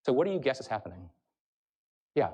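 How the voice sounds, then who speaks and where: Fast-talking male professor lecturing. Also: medium pitch, very animated, muffled recording, slight background noise. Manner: brisk, explanatory, addresses the audience. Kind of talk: university lecture. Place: lecture hall.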